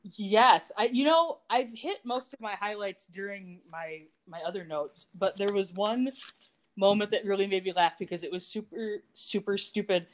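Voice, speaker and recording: A woman co-hosting a podcast, chatting casually and telling stories in an animated, teasing way. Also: medium pitch, moderate pace. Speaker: podcast co-host. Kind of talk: casual chat recapping a TV episode.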